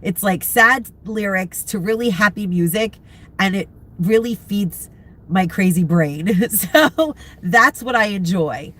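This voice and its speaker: A middle-aged, congested woman chatting casually with viewers from inside a car, rambling and pausing to recall names. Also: medium pitch, animated, fairly bright tone. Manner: rambling, chatty, searching for names, frequent laughs. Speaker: vlogger chatting with live viewers. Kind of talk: casual chat.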